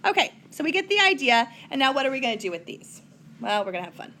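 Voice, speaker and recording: A woman's voice: high voice, very animated, fast, pushed and bright, slight background noise. A woman teaching a recorded whiteboard math lesson, chatty, with playful asides to her students.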